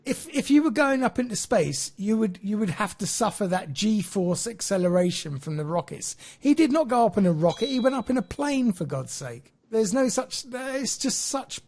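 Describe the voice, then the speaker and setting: A podcast co-host chatting casually, excitable and ranting, laughing often. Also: medium pitch, normal speed, few pauses.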